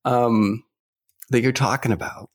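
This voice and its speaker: A man's voice: medium pitch, steady tone, unhurried. A man hosting an interview, asking thoughtful, probing questions. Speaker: podcast host.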